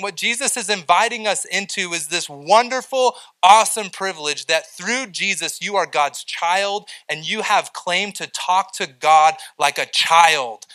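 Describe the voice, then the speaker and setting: A middle-aged man preaches with a bright, forceful tone. His voice sits a little high for a man. He tells stories with energy and acts out the voices he quotes. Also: rough recording. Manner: animated storytelling, acting out quoted voices. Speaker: pastor. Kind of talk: sermon.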